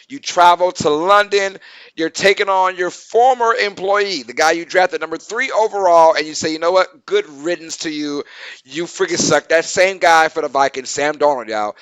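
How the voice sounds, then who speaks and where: A man hosting a casual live-stream sports talk show, excitable and repeating words for emphasis. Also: a little high, clear, resonant tone, no echo.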